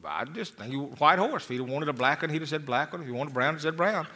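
A man's voice: fairly high pitch, animated, fast talker, bright, forceful tone. A man preaching a sermon as a pastor, folksy and rambling, with frequent restarts and repeated words. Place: church.

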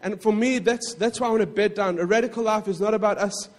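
A man preaching a sermon in a conversational way, with frequent asides to the congregation and quick self-corrections. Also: high voice, in a large hall. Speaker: pastor.

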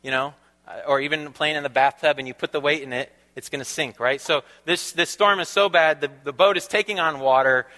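A man's voice: on the high side, brisk, pushed and bright. A male preacher giving a conversational sermon in a church. He laughs often and asks the congregation questions. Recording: long reverb of a large hall.

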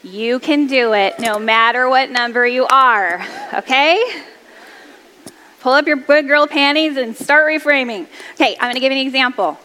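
A woman's voice: sits high, moderate pace, pushed and bright, long reverb tail. A woman around forty giving an upbeat motivational talk to mothers, chatty and self-deprecating, laughing easily. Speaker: speaker addressing mothers.

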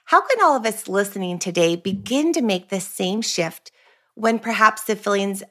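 A woman hosts an interview for educators, asking long, considered questions at a measured pace. Her voice sits at a middle pitch, and she backs up her guest with short affirmations. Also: animated. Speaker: podcast host for educators.

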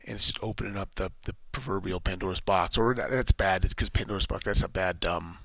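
A man's voice: sits low, brisk, a bit bright, dry recording. A man in a casual spoken monologue, thinking aloud and rambling with frequent restarts.

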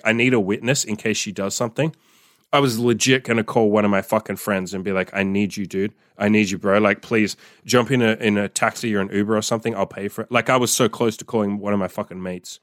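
Animated swearing man, dry close sound. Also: lowish voice, no echo. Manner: animated, swearing, reacting aloud to his own story. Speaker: podcast host reading his old diary. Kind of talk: casual storytelling monologue.

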